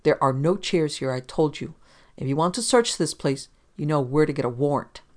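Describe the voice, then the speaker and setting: A reader voicing a cool, sweetly sarcastic young woman secretary, pitched up from the narration. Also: normal speed, lightly acted. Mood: indignant. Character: sharp-tongued young woman office secretary. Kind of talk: audiobook reading.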